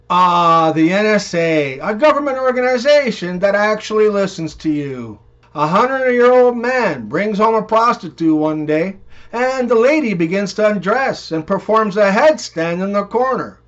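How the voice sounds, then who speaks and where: A man reading one-liners and joke stories in an even, unhurried way. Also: high voice. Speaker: joke narrator. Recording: dull, muffled recording.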